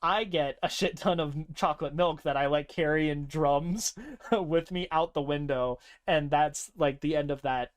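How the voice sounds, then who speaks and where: Young man, podcast co-host, casual storytelling, smooth clear voice, slightly high. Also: normal speed. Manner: animated, laughing often, breaks into high-pitched character voices. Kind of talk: casual storytelling about a tabletop game.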